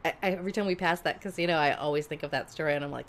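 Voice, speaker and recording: A woman's voice: fairly low pitch, fast, hardly any pauses, background noise. A woman co-hosting a podcast in casual chat, asking curious, probing questions and reacting with short affirmations. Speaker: podcast co-host.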